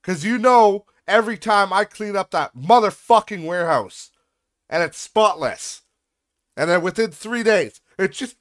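A man's voice: high voice, measured pace, a bit bright. A young man hosting a podcast, ranting in a frustrated, profane way about a messy workplace. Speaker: podcast host. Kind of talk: casual venting monologue.

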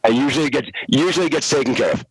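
A middle-aged man, a former hockey referee, telling relaxed stories as a guest over a video call. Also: medium pitch, racing, a crowd in the background, poor audio. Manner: relaxed anecdotal telling, frequent restarts. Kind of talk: casual storytelling interview.

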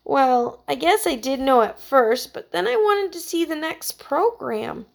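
A woman voicing a timid, sensitive young girl who speaks softly and hesitantly. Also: sits high, expressive, a little slow, gravelly, voice pushed up, exaggerated voice. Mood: contrite. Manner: soft, hesitant, contrite.

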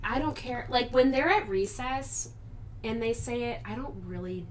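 A woman's voice: a little high, moderate pace, a little hiss or hum. A young woman teacher chatting casually with friends, telling classroom stories and acting out her students' voices. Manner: animated storyteller, acts out kids' voices, swears freely. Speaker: elementary school teacher.

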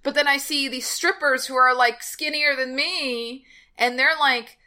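A woman's voice: high voice, unhurried. A young woman co-hosting a podcast, telling funny stories in casual chat and laughing often. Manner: laughing storyteller, animated. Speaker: podcast co-host.

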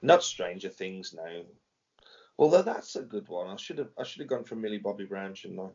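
A man's voice: low-pitched, lively intonation, brisk, a little mellow, breathy edge. A man co-hosting a casual podcast, rambling and searching for words as he talks. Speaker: podcast co-host. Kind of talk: casual banter. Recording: dull lo-fi podcast audio.

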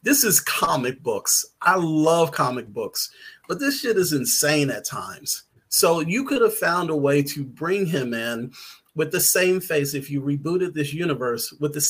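A man's voice: a little high, fairly bright tone, breathy edge. A man, a writer guest on a podcast, talking casually in a rambling, hesitant way with many fillers and restarts.

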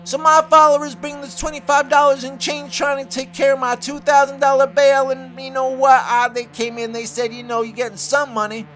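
Brief: high-pitched man, rambling preachy comic monologue, boastful self-made prophet. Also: flat delivery, moderate pace, few pauses, fairly bright tone, soft background music.

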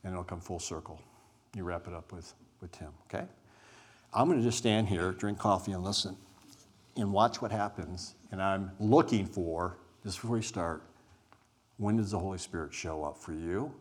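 A man with a very low voice guides a group through a spoken exercise. He talks deliberately, stressing key words and letting pauses sit. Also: slightly rough. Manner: deliberate, emphatic, with weighted pauses; says he is an introvert. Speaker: group workshop leader.

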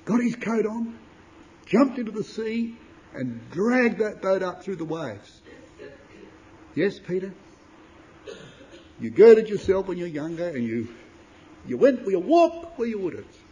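A man preaching a sermon to brothers and sisters, reading scripture in King James wording and swinging from loud emphatic declamation to low, quiet asides. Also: sing-song, measured pace, long pauses, poor audio. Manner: addresses listeners as brothers and sisters.

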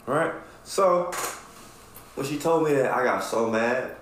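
A man on a podcast telling a long, profane story in a casual, animated way, acting out what people said. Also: mid-range voice, slow pace, a little hiss or hum. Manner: animated, profane storyteller who acts out quotes. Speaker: podcast co-host. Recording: echoey room with faint ambience.

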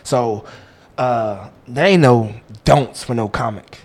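A man's voice: mid-range voice, takes it slowly, darkish tone. A young man, chatting casually as a comedian guest, joking and boastful with lots of slang. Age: 20s. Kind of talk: casual podcast chat.

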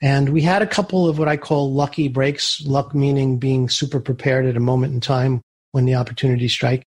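A man, an entrepreneur and interview guest, telling business stories in a lively way. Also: medium pitch, brisk, slightly rough. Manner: animated storyteller who acts out quoted voices. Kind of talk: storytelling interview answers.

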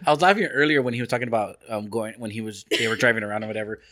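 A man's voice: fairly low pitch, rapid-fire, bright, forceful tone. A man co-hosting a podcast, teasing and joking in casual chat. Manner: teasing, jokey, does silly voices. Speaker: podcast co-host.

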